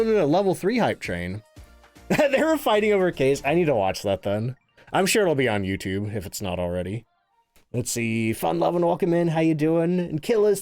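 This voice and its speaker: A man's voice: sits high, darkish tone. A man streaming live, chatting casually, reading chat aloud and thanking subscribers, often laughing. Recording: faint game music behind the voice.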